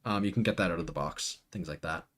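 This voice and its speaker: A man's voice: low voice, fast. A man streaming live and chatting casually, full of fillers and self-corrections, answering viewers by name as he goes. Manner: rambling, full of "like" and restarts. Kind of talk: casual livestream commentary.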